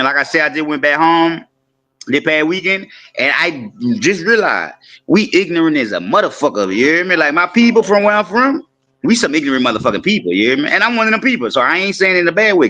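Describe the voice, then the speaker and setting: A man from New Orleans with a New Orleans accent, a panel guest talking loud and profane in a boastful, storytelling way. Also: a little high. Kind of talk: casual panel chat.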